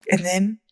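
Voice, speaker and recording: A woman in her twenties co-hosting a podcast, chatting casually and rambling, acting out quotes in mocking voices. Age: 20s. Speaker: podcast co-host. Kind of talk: casual chat.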